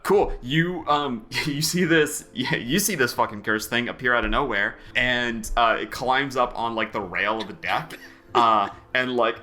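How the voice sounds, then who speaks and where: Man, game master voice, bright tone, giggly, lots of ums. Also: medium pitch, a little slow. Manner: laughing, hesitant with many fillers. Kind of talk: narrating a tabletop game.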